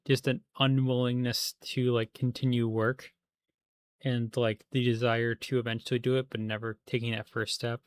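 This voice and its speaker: A man's voice: mid-range voice, little pitch movement, moderate pace, clear, resonant tone, no room sound. A man chatting casually on a livestream while he plays a game, rambling with many fillers and restarts.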